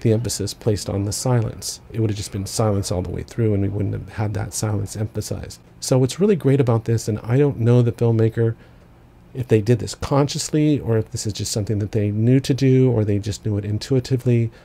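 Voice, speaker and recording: A man's voice: fairly low pitch, brisk, vocal fry, dark tone, breathy edge. A man explaining a filmmaking technique as an instructor, talking it through step by step with casual asides. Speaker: film school instructor. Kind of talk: explanatory lesson narration.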